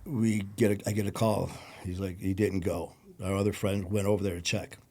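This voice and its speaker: A man with a Detroit accent, a podcast guest recounting a personal story in a low-key, conversational way. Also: level tone, brisk, a little mellow. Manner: gravelly, low-key storytelling with acted quotes.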